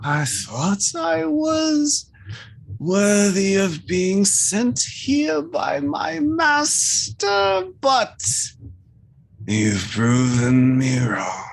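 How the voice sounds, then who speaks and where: A woman voicing a strange, formal male creature that speaks in slow, archaic phrases. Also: medium pitch, huge pitch swings, vocal fry, voice pushed up, full character voice. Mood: curious. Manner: grandiose, slow archaic speech. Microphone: video call.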